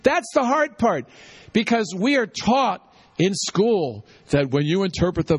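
A man's voice: high voice, expressive, a little slow, slightly rough. A man preaching a sermon, teaching with call-and-response and repeating key lines for the congregation. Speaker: pastor.

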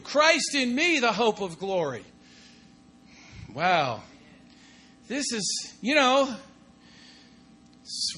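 High, bright-voiced man preaching a sermon. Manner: exclamatory, with frequent "come on" and "glory to God"; swings between loud bursts and hushed asides.

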